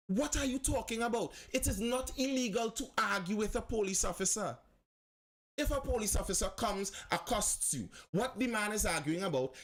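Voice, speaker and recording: A man hosting a live-stream commentary. He talks with passion, repeats phrases for emphasis and answers viewers' comments as he goes. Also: high voice.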